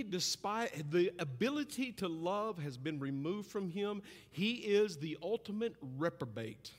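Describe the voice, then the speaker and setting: Male preacher, impassioned sermon, highly animated pitch; church hall with long reverb. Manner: impassioned, swings from loud and high to low and hushed.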